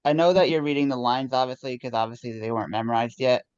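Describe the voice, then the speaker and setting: A man's voice: mid-range voice, fast, a little mellow, smooth, no room sound. A man directing a rehearsal, giving notes to actors in a rambling way with many restarts. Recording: dull dry lo-fi sound.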